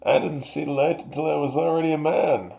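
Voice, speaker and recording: A man putting on a gravelly, muffled voice as a menacing masked male villain, slow and theatrical. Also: on the high side, fairly even intonation, warm tone, pitched above the performer's own voice.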